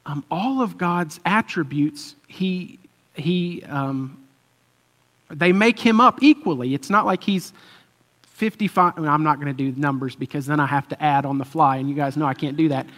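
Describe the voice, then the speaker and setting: A man's voice: on the high side, moderate pace, a bit bright. A man preaching a conversational sermon, telling a story loosely with fillers and chuckles. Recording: long hall reverb.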